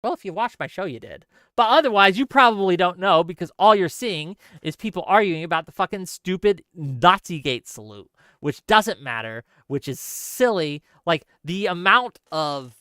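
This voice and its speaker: A man hosting a political commentary livestream, talking straight to his viewers in a sarcastic, exasperated rant. His voice is bright and crisp, and the sound is dry and close with no room echo. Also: high voice, lively intonation, moderate pace. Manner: talks straight to viewers, reads chat. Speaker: political commentary show host.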